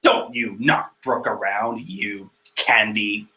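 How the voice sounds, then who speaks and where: A man voicing a brash, defiant male fighter who taunts loudly while reading a comic aloud. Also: fairly low pitch, fairly even intonation, takes it slowly, pitched below the performer's own voice, full character voice.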